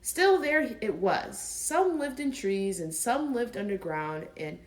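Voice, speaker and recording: Expressive woman reading a storybook. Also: medium pitch, slow, hardly any pauses, poor audio. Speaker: audiobook narrator. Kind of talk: storybook narration.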